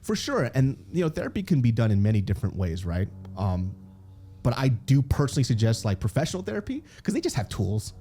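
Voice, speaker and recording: A man's voice: medium pitch, quick pace, a little hiss or hum. A man in his thirties, a comedian being interviewed, telling candid stories with lots of laughing, swearing and acted-out quotes. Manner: animated storyteller, swears freely, laughs often, acts out quotes. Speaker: guest comedian.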